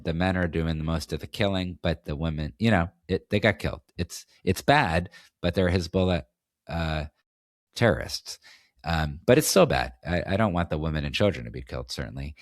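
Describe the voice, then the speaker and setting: Hosting a solo podcast, a man from New England delivers a casual monologue that rambles, voices strong opinions, and restarts often. His voice is deep, and the recording is dry and studio quality.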